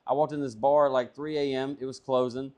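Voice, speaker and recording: Dude comic telling a wild road story, cussing a lot, doing all the voices, mid pitch. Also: male voice, a little fast. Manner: profane, animated, acts out dialogue. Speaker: stand-up comedian guest. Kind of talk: casual storytelling.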